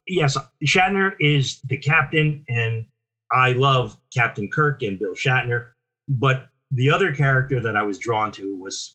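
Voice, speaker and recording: An older man from New Jersey tells stories as an interview guest, with a husky, breathy edge to his voice. His tone is bright and forceful, and he talks in animated bursts full of restarts. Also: mid-range voice. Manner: animated storyteller, frequent restarts. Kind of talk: casual storytelling interview.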